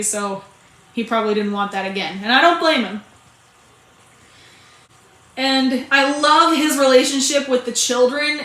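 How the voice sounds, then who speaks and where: A woman's voice: a little high, a bit bright. A woman giving a casual spoken movie review, chatty and rambling, often restarting her sentences and laughing. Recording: echoey room.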